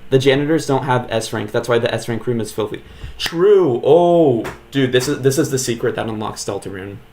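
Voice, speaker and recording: A man's voice: medium pitch, steady tone, fast talker, slight background noise. A man streaming a video game, chatting casually with viewers in a laid-back, filler-heavy way. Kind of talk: casual live-stream commentary.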